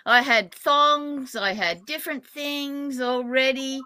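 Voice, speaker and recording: An Australian woman chats casually and giggles often. Her voice sits high and sounds bright and crisp. The sound is dry and close. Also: slow, no room sound. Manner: giggly, chatty. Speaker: psychic medium guest. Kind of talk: casual chat.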